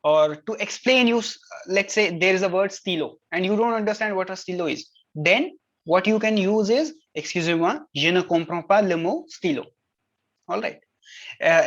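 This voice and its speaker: In a middle-pitched, fairly bright voice, a tutor offers exam tips, moving between explanations and French example phrases. "All right" comes up repeatedly between points, and the recording sounds dull and lo-fi.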